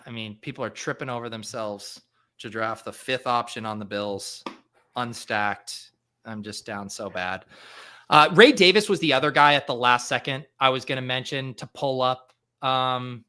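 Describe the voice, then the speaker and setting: A man's voice: mid-range voice, sharp tone, clean tone. A man hosting a casual fantasy football draft podcast, loose and self-mocking, swearing offhandedly. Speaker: podcast host.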